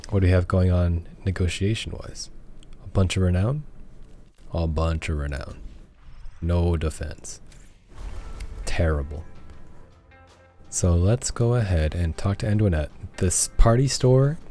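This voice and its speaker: A man's voice: deep voice, a little slow, long pauses, warm tone, soft background music. A man hosting a casual let's play, joking and reading game dialogue aloud. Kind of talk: casual gameplay commentary.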